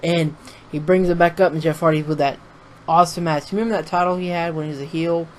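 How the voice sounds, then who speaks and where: An excitable young man talks straight into his webcam, recapping a wrestling show in a loose, rambling way. He swears freely and breaks into laughter as he retells it. A faint hiss of noise sits under his voice. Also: fairly high pitch, fast talker, rough recording. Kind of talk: casual recap with face cam.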